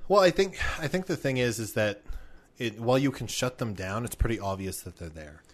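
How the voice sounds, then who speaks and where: Young male co-host, mid-pitched, playful banter. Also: animated, fairly quick. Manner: playful, joins in on bits. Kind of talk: casual chat.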